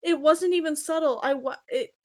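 A young adult woman giving a casual comedic reading of fan fiction, with mocking, deadpan asides. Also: high voice, normal speed.

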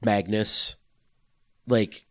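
A young man with a somewhat low voice talks loosely on a podcast, stringing thoughts together with constant "like"s and casual swearing. The recording is dry and close, with no room sound. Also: fairly even intonation, extremely slow, fairly bright tone, dry recording. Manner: rambling, lots of "like", swears freely. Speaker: podcast co-host. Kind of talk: casual chat.

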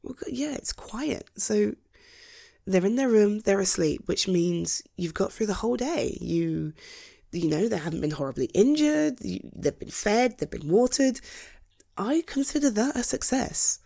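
A woman's voice: medium pitch, expressive, measured pace, gravelly, mellow. A woman in a whispered role-play as a comforting partner, soothing and reassuring, often breaking into giggles.

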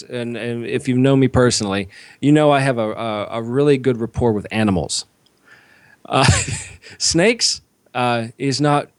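A man, co-hosting a podcast and telling a profane, animated comic story that he acts out. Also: mid-range voice, dry recording. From Georgia, US. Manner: animated, swears constantly, acts out his own shouts. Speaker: podcast co-host.

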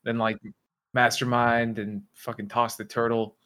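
A man chatting casually on a group call, relaxed, trailing off and swearing now and then. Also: mid-range voice, a little slow. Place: online voice call.

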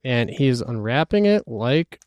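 A man co-hosting a casual comedic podcast, playing along deadpan with mock seriousness. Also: medium pitch, a little slow, dry recording. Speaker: podcast co-host.

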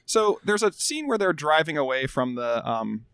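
A man's voice: fairly high pitch, big pitch swings, normal speed, a bit bright, clean tone, no room sound, studio quality. A man co-hosting a comedy podcast, rambling through asides and laughing. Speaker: podcast co-host. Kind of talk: casual comedy chat.

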